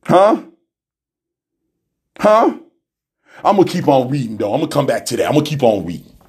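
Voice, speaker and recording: A man's voice: medium pitch, very animated, moderate pace, darkish tone, husky. A man hosting a radio show, reading a text aloud and commenting on it in a preachy way, repeating lines and calling out to his listeners. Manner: repeats lines, calls out to listeners with "y'all", "family" and "brothers and sisters".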